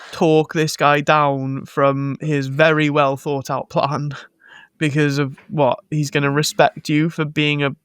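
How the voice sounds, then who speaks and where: Podcast host, lively and sweary, slightly high voice, dry close mic; good for casual reviews. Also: male voice, slow, clean tone, no echo. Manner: animated, sweary, laughs often, acts out quotes. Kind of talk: casual film review chat.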